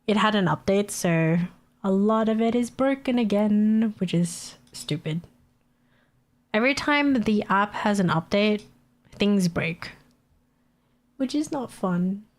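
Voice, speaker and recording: A woman's voice: mid-range voice, expressive, slow, pauses often. A woman streamer chatting casually, ranting with frequent swearing and laughter. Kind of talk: casual live-stream chat.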